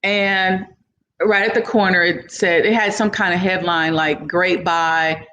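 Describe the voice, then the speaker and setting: Lively woman telling a story. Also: mid-range voice, measured pace, a little hiss or hum. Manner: animated, acts out other people's lines in the story; casual, informal phrasing. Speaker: entrepreneur guest. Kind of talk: casual storytelling in an interview.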